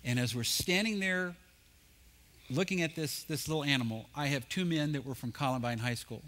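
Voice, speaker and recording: A man speaking at a conference, telling animated anecdotes with jokes. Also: a little high, moderate pace. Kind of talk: storytelling talk. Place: conference stage.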